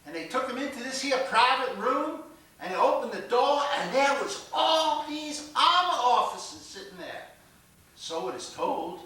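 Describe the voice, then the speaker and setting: A man performs a folksy Southern old-timer spinning family yarns in a bright, high voice with a Southern drawl. The mic sits far off in a very echoey room, as in a classroom monologue. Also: animated, unhurried, full character voice. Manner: folksy storytelling with rural grammar. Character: folksy older Southern man proud of his soldiering kin. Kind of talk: theatrical monologue for an acting class. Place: classroom or small stage.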